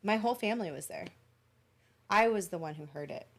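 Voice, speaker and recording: A woman's voice: medium pitch, lively intonation, brisk. A woman, a podcast guest, telling an emotional personal story in an earnest, reflective way. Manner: earnest, reflective, tells stories in detail.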